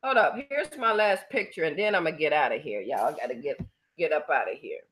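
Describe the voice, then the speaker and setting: Blunt, profane woman host with a low voice. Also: expressive, a little fast, fairly bright tone. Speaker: channel host. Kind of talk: casual commentary vlog.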